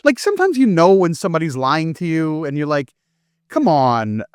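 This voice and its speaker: A man's voice: on the high side, sing-song, fairly quick, a little mellow, dry recording, clean studio sound. A man, a film reviewer, chatting casually on a podcast and acting out characters' lines as he retells a plot.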